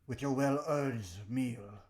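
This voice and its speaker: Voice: medium pitch, noisy background, natural voice. A man voicing a formal group leader. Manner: formal, halting speech. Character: leader of a temple escort group.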